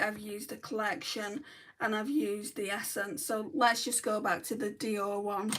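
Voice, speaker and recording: A woman beauty vlogger chatting casually while doing her makeup, rambling with many ums. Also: medium pitch. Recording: voice a bit far from the mic.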